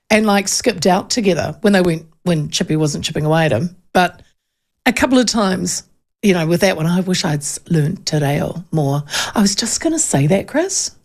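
A woman's voice: mid-range voice, gravelly. Chatty, teasing New Zealand woman. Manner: chatty, teasing, quotes people in asides. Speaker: podcast host. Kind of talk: casual chat.

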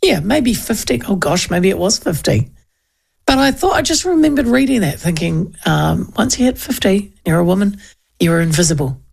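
A woman's voice: mid-range voice, sing-song, moderate pace, vocal fry, darkish tone, breathy edge. A New Zealand woman in her fifties, hosting a casual radio chat in a chatty, storytelling way with lots of restarts. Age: 50s. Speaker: radio host. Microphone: studio mic with headphones.

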